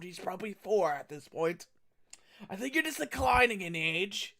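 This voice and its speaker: Man, higher voice, tabletop player rambling in character over voice chat. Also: animated, moderate pace, pushed and bright. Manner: rambling, with frequent restarts.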